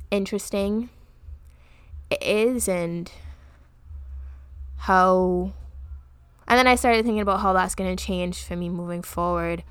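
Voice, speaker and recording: A young adult woman from the Caribbean co-hosting a podcast, talking in a reflective, earnest way that often pauses mid-thought. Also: mid-range voice, a bit bright, clean tone, no room sound. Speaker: podcast co-host. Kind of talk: casual chat.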